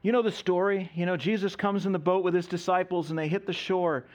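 Man, high voice, sermon storytelling, animated, acts out quoted voices. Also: a little fast. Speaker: missionary preacher.

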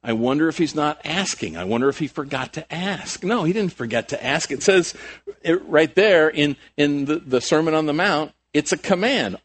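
A man's voice: on the high side, lively intonation, normal speed. A man preaching a sermon, emphatic, with rhetorical questions and frequent restarts. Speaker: pastor.

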